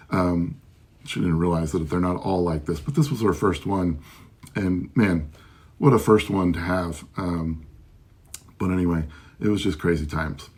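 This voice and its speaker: A man with a deep, slightly husky voice recounts a wild episode from his security days. He talks casually and animatedly, with frequent ums and restarts. The delivery is loose and conversational. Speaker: loss prevention business owner. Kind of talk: casual first-person storytelling.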